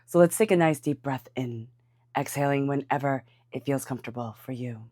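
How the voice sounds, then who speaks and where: A woman with a congested, stuffy voice, giving a calm tarot reading. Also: a bass voice, normal speed, no room sound. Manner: calm, soothing guidance. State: congested from a cold. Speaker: tarot reader.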